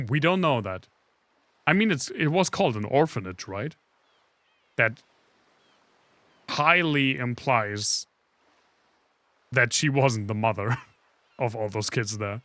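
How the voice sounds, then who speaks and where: A male streamer talking casually over his gameplay, full of sarcastic jokes, laughter and the odd swear. His voice is bright and sharp, at a middling pitch. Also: expressive, slow pace, pauses often, no echo. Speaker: streamer playing a game.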